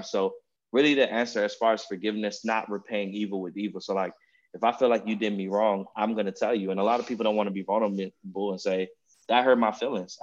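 A man's voice: fairly low pitch, lo-fi sound. A man on a casual podcast talking reflectively in a conversational way. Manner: reflective, conversational, frequent "you know what I'm saying". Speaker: podcast co-host.

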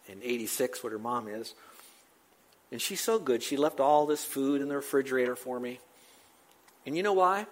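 An older man preaching a sermon, emphatic and repetitive, building to rising exclamations. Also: mid-range voice. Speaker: pastor.

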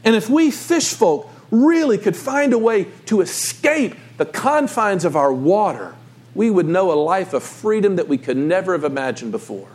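A man's voice: high voice, very animated, moderate pace, a little mellow. A man voicing a pompous male blowfish who lectures a crowd of fish in a grand, preachy way, told within a sermon. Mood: lecturing.

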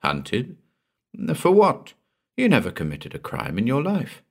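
A man reading a brash, skeptical male collector in an audiobook, firing sharp, incredulous retorts. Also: medium pitch, huge pitch swings, unhurried, pitched above the performer's own voice, exaggerated voice.

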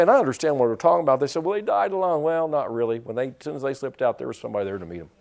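Lively-voiced male preacher telling stories. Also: mid-range voice, rapid-fire, gravelly, few pauses. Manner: storytelling, rising to shouted praise. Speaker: pastor. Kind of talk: sermon.

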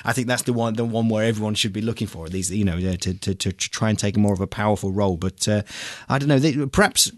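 A man's voice: on the low side, fast talker, hardly any pauses. A man hosting a casual film podcast, rambling and hesitant, with many restarts. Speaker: podcast host.

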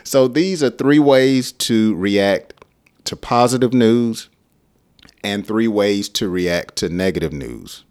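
A man with an American accent teaching an English lesson, explaining slowly and acting out short everyday dialogues. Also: lowish voice, darkish tone. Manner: slow, friendly explaining, acting out short exchanges.

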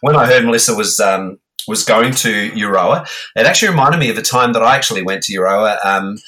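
An Australian man in casual podcast chat, pitched a little low with a bright, forward tone. He talks in a halting way, stopping and restarting often with plenty of ums. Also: slight background noise. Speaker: guest co-host.

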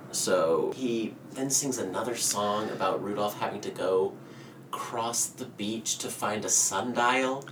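A man's voice: fairly low pitch, normal speed. A man co-hosting a casual podcast, recapping a movie with swearing, laughter and mock character voices. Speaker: podcast co-host. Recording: roomy echo, distant mic, faint background noise.

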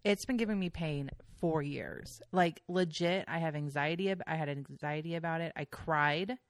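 A woman's voice: deep voice, normal speed, no echo, clean studio sound. A young adult woman, a podcast guest, telling casual stories full of fillers and swearing. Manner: chatty storyteller with frequent fillers and swearing. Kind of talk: casual chat.

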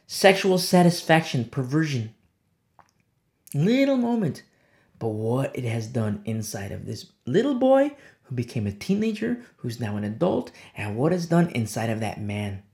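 A man preaching a sermon as pastor, swinging between low, hushed lines and sharp, high exclamations.

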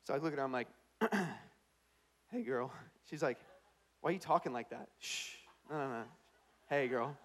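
A young man preaching a sermon as pastor, telling a comic story with put-on voices and swinging between hushed asides and loud punchlines. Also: medium pitch, quick pace.

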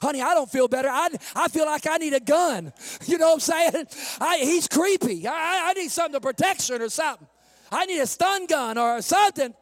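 A man preaching a sermon to his congregation as pastor, swinging from shouts to soft asides, calling listeners "honey" and laughing at his own jokes. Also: very high voice, expressive, fairly quick.

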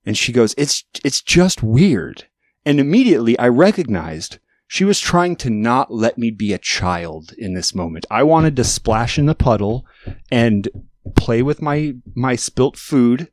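Man, late thirties, podcast host, casual rambling chat, self-mocking, medium pitch, dry close mic. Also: animated, a little slow, darkish tone, dry recording. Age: 30s. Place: studio.

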